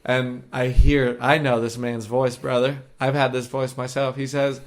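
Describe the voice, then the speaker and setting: A man tells a long story on a casual podcast, rambling and crude. He laughs through it, and his voice sits at an ordinary middle pitch. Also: steady tone, moderate pace, few pauses. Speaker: podcast co-host. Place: shared room with co-host.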